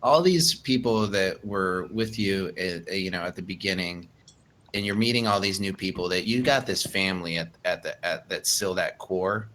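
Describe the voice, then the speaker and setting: A man hosts a casual podcast interview in a low but bright, forceful voice. He rambles, restarting his sentences as he goes. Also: moderate pace, a little hiss or hum. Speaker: podcast host.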